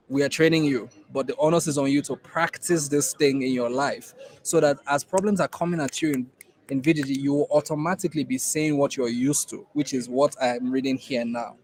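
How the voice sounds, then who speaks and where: A man's voice: mid-range voice, steady tone, a little fast, low-quality recording. A man with a Nigerian accent teaching a class in an emphatic way, repeating key points to drive them home. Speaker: innovation program instructor. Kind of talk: classroom lecture.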